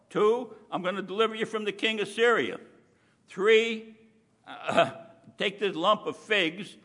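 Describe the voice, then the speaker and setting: A man preaching a sermon in a chatty, emphatic way, full of asides and slowed-down stressed words. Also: sits high, fairly bright tone. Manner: conversational preaching with frequent asides. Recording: long hall reverb.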